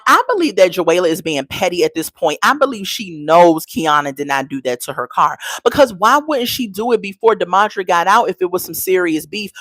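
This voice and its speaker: A woman's voice: medium pitch, a bit bright, no room sound, low-quality recording. A woman casually recapping and critiquing a reality show, chatty and opinionated, acting out the quotes and tagging her points with "okay?". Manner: frequent "okay?" tags.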